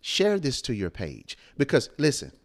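A man co-hosting a late-night motivational live stream, with a smooth radio-style voice and a preacherly way of repeating phrases for emphasis. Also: medium pitch, huge pitch swings, normal speed.

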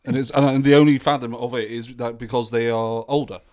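A man co-hosting a podcast, relaxed and casual, reading out listener questions and swearing now and then. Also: medium pitch, fairly quick, hardly any pauses, no room sound, clean studio sound. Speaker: podcast co-host. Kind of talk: casual chat.

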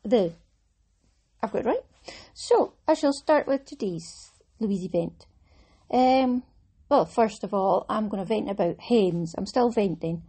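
A woman's voice: medium pitch, expressive, a little slow, mellow, slightly rough. A woman hosting a casual craft podcast, chatting in a rambling, self-mocking way with fillers. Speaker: podcast host. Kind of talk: casual chat.

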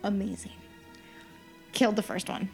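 A woman on a casual podcast, a lively storyteller who acts out the dialogue in her anecdotes. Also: medium pitch, moderate pace, creaky, faint music behind. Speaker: podcast co-host giving a trip report.

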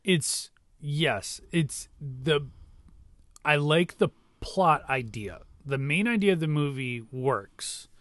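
A man's voice: a little high, takes it slowly, no echo. A man co-hosting a podcast, chatting casually and jokingly about a movie, thinking aloud as he goes. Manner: animated, jokey, thinks aloud. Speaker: podcast co-host.

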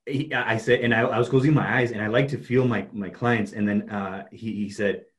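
Earnest man coaching, halting speech. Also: fairly low pitch, steady tone. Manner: earnest, halting, many restarts. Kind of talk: casual conversation.

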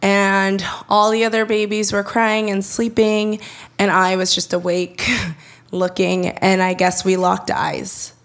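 A young woman telling a personal story in a chatty way, laughing often and acting out quoted lines in lively voices. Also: mid-range voice, slow pace.

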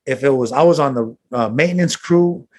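A man's voice: mid-range voice, a little fast, a little mellow. A man telling a personal story as an interview guest, earnest and reflective, with casual slang and frequent restarts.

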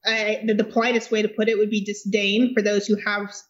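A woman's voice: medium pitch, little pitch movement, quick pace, muffled recording. A woman attorney talking as a guest in a legal discussion, speaking emphatically and articulately, with dry sardonic asides.

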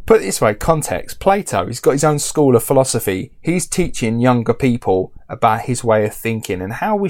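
A man's voice: mid-range voice, a little mellow. A man, animatedly telling a story in casual podcast chat.

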